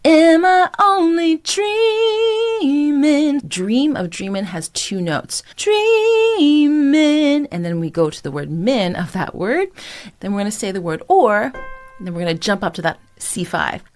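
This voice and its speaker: A woman's voice: lowish voice, animated, moderate pace, faint music behind. A woman vocal coach teaching a singing lesson, explaining technique and breaking into short sung examples with an encouraging manner. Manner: encouraging, demonstrates phrases by singing them.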